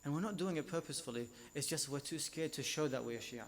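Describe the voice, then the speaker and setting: A man's voice: fairly high pitch, quick pace. A man delivering a religious lecture at an Islamic centre, speaking emphatically and building up force on repeated phrases.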